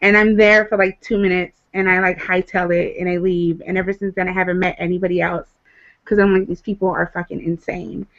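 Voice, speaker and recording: A woman's voice: fairly low pitch, little pitch movement, a little fast, fairly bright tone, highs cut off. A woman poet talking casually on a livestream, telling a story frankly and swearing freely. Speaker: poet guest.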